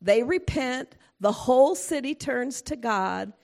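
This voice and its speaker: A middle-aged woman preaching a sermon in an animated way, acting out quotes and laughing often. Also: a little high, takes it slowly, gravelly.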